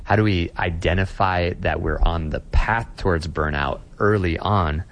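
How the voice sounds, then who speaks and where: Male pastor, deep low voice, earnest and conversational, stumbles and restarts. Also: normal speed, a little hiss or hum. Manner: earnest, repeats words when starting sentences. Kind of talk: conversational interview.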